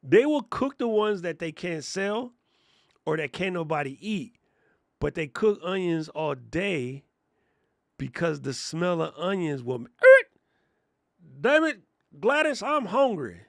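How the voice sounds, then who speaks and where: A man coaching creators in a loose livestream class. He talks in slang and tells animated stories with frequent laughs. His voice sits fairly high with a gravelly edge. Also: unhurried, no echo, studio quality. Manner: slangy, animated storyteller who laughs often. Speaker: host and content coach. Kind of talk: casual livestream teaching chat.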